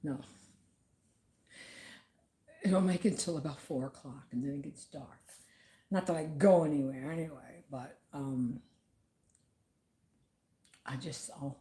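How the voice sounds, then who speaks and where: A woman vlogging from home, talking casually and haltingly about grief with many fillers. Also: low voice, mellow, echoey room.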